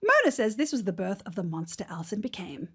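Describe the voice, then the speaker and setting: A woman's voice: mid-range voice, big pitch swings, fast talker, husky. A young woman co-hosting a casual podcast, reading a recap aloud in a playful way, laughing often and dropping into a whisper now and then. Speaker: podcast co-host.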